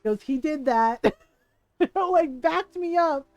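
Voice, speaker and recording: A woman streamer telling a story in casual chat, animated, often checking in with "right?" and laughing between lines. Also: high-pitched, takes it slowly, no echo, muffled recording, faint music behind. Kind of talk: casual storytelling while gaming.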